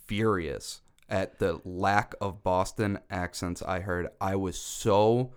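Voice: low-pitched, slow pace, clear, resonant tone. A podcast co-host in casual chat, joking and teasing and putting on mock voices.

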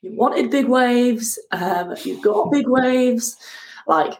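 A woman, a guest telling her ocean rowing story in a lively conversational way. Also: a little high, takes it slowly, rough recording. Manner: animated, acts out shouting at the sea.

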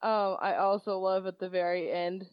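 A woman's voice: medium pitch, steady tone, normal speed, clear, resonant tone, no echo, highs cut off. A woman hosting a casual movie-review chat, gushing and playful and laughing a lot. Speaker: podcast host.

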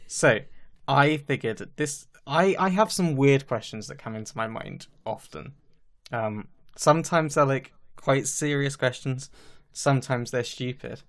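A man co-hosting a podcast from his own microphone over a remote call. He jokes and swears freely in a casual, loose way, even eating between lines. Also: mid-range voice, measured pace. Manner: joking, swears freely, eats while talking. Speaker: podcast co-host. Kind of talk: casual chat.

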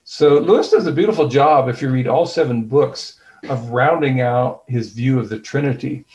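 A man being interviewed as an author talks in a considered, explanatory way. He pauses often with fillers and restarts his sentences. He retells scenes by quoting the dialogue. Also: medium pitch, a little mellow, rough recording. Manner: thoughtful, with many fillers and restarts. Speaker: author and guest.

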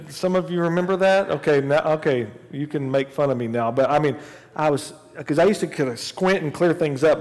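In a church sanctuary with a large-hall sound, a pastor in his forties with a slightly high voice delivers a sermon. He starts with a casual personal story, then builds toward fervent preaching.

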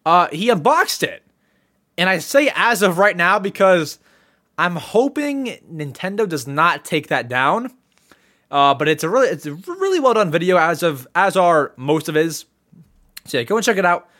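A man hosting a casual solo podcast, talking in an excitable way and often clearing his throat. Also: high voice, normal speed. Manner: excitable, animated. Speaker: podcast host.

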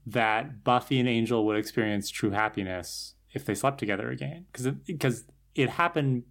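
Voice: medium pitch, normal speed, fairly bright tone. A podcast co-host in casual chat, reasoning through ideas with fillers and hedges. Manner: thoughtful, builds points with hedging fillers.

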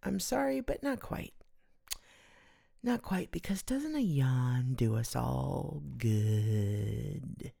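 Low-voiced rambling woman podcaster. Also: animated, drawn-out words, gravelly, mellow. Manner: giggly, rambling, self-deprecating. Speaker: podcast host. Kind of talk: casual solo podcast chat.

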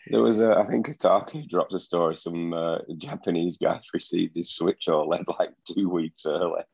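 A man's voice: deep voice, steady tone, normal speed, creaky, darkish tone, breathy edge, no room sound. A man co-hosting a gaming podcast from home, rambling with plenty of fillers and restarts. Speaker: podcast co-host. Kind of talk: casual gaming podcast chat. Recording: dull, slightly lo-fi sound.

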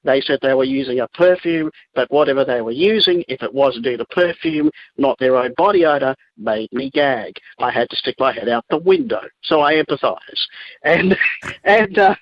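A man's voice: medium pitch, lively intonation, moderate pace, no room sound. Rambling man on a dull lo-fi line. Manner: rambling, sardonic greetings. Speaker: regular co-host. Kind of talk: casual chat. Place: in Australia.

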